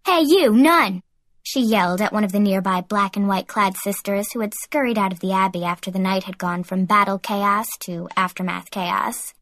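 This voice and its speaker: A woman narrating a young adult audiobook in the first person, in a lively teen-girl voice. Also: medium pitch, moderate pace, hardly any pauses, no echo.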